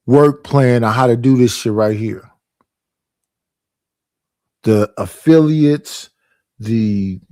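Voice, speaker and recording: A man's voice: mid-range voice, darkish tone, no room sound. A man hosting a casual livestream, talking in a slangy, profane and emphatic way as he calls people up and rants. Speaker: livestream host.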